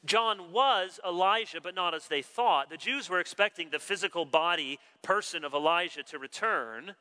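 Bright animated preacher in a reverberant hall. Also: male voice, high voice. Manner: animated preaching, wry asides, slows for emphasis. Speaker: pastor. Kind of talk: sermon.

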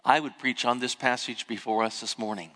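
An older man, a pastor, preaching a sermon and telling a story with animated emphasis. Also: medium pitch, fairly quick, long reverb tail. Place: church sanctuary.

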